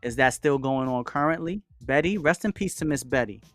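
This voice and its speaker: A man hosting a casual live stream, chatting loosely, reading out viewers' comments and giving shout-outs. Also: mid-range voice, brisk, dry recording, clean studio sound, soft background music. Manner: reads out and answers viewers' chat comments; relaxed, chatty, with frequent fillers and shout-outs. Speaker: livestream host. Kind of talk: casual livestream chat.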